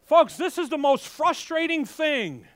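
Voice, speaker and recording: A pastor with a very high voice preaches a sermon with fiery, animated delivery, speaking a little slowly. He swings between loud outbursts and hushed asides, addressing his congregation in a folksy, direct way, with no room sound.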